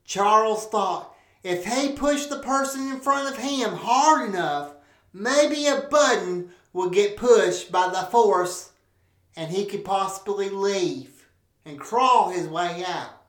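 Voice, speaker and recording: A woman's voice: medium pitch, slow pace. A woman hosting a podcast, telling a crude comic story full of swearing and rambling asides. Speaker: podcast host. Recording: roomy echo.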